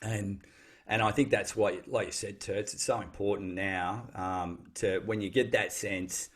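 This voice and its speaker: A man's voice: lowish voice, steady tone, unhurried, fairly bright tone. A man, a guest on a casual podcast, talking thoughtfully with frequent restarts. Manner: thoughtful, reflective, many restarts.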